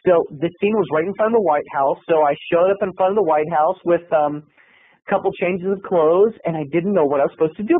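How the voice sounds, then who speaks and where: A man's voice: high-pitched, expressive, quick pace, slightly rough, no room sound. A man telling a comedy story in an over-the-top, dramatic way, addressing his viewers. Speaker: comedy video blogger. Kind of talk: comic storytelling monologue. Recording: tinny, phone-like, dry sound.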